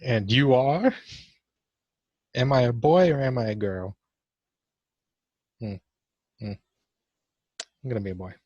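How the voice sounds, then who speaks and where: A man's voice: medium pitch, slow, long pauses, a little mellow, no echo, highs cut off. A young man giving casual let's-play commentary for a class vlog, awkward and joking at his own expense. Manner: awkward, self-mocking joking. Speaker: gamer doing a class vlog.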